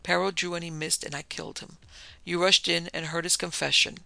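A man's voice: fairly high pitch, steady tone, a little fast, vocal fry, bright, forceful tone, no room sound, exaggerated voice. A man reading a hard, stern detective. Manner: terse, clipped and stern. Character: hard, cold male detective who hates criminals.

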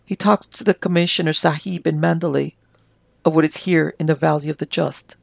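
A reader voicing a soft-spoken servant. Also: mid-range voice, fairly even intonation, fairly quick, gravelly, no echo. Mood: puzzled, soft. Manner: quiet, gentle.

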